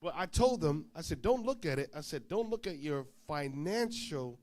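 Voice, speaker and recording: Male preacher, higher voice, lively storyteller who acts out the dialogue himself, informal sermon. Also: normal speed. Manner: animated storyteller, acts out dialogue, swings loud and soft.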